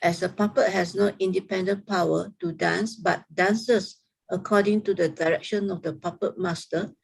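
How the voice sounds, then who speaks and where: A woman reading scripture aloud in a steady, careful way during an online study group, heard over a video call. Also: lowish voice, creaky, breathy edge, low-quality recording.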